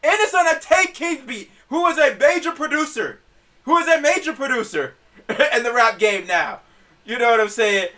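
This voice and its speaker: A man's voice: extremely high pitch, normal speed, far from the mic. A man hosting a casual podcast, laughing often and stumbling over his words as he talks. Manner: laughs often, stammers and restarts, animated. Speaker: podcast host.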